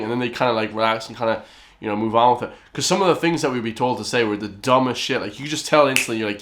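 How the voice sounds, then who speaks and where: A man's voice: mid-range voice, very fast, a bit bright, a little hiss or hum. A young Irish man hosting a reaction video, telling rambling stories in casual slang. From Ireland. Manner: chatty, rambling storytelling with slang.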